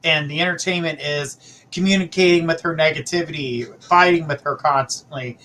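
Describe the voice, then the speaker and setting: A man's voice: on the high side, steady tone, normal speed, pushed and bright, a little hiss or hum. A man hosting a live psychic reading, giving blunt, emphatic advice with repeated phrases. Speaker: psychic reader, show host.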